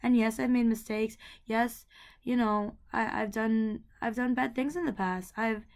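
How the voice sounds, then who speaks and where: A woman's voice: fairly high pitch, a little slow. A young woman ranting to the camera about her family, heated and rambling, with many fillers and repeated words. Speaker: vlogger. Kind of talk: emotional personal rant to camera.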